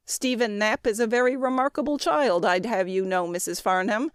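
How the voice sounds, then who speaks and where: A woman's voice: fairly high pitch, normal speed, smooth, dry recording, studio quality, close to an everyday voice. A woman reading aloud, voicing a good-natured family man who answers in a self-assured, impressive manner.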